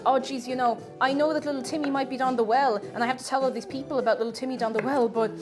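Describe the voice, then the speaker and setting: A woman's voice: high voice, fairly even intonation, fast talker, over music, natural voice. A woman voicing a noble, heroic dog in a mock-solemn, melodramatic way. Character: noble departing heroic dog, female-voiced.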